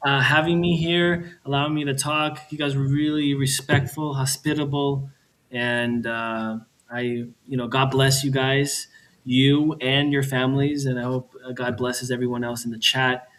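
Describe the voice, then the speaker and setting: A man speaking as a guest on a livestream, measured and hesitant, pausing often with fillers. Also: mid-range voice, level tone, fairly bright tone. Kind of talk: casual livestream chat.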